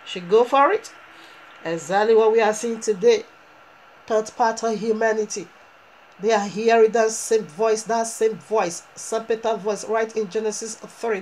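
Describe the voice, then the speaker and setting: A woman's voice: mid-range voice, darkish tone, slight background noise, low-quality recording. A woman preaching a fervent sermon, driving her points home with emphatic rhetorical questions.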